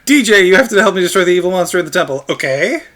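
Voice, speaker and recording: A man's voice: high voice, expressive, a little slow, a bit bright, soft background music, pitched above the performer's own voice. A man voicing a pushy young fish-princess who claims the hero as her fiancé, in an overblown mock French accent. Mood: bossy. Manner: dramatic, pleading, overblown.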